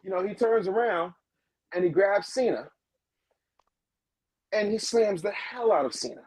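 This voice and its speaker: A high, husky man tells a story with wide swings in his pitch, dropping lower whenever he quotes someone. He is a wrestling manager sitting in as a podcast guest. The room is dry and close. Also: expressive, measured pace, darkish tone, no echo, rough recording. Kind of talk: animated storytelling.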